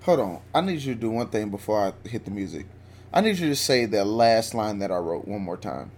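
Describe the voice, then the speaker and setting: A man's voice: lowish voice, lively intonation, brisk, a little mellow. A man co-hosting a casual sports podcast, bantering defensively and laughing often. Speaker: podcast co-host. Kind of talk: casual chat.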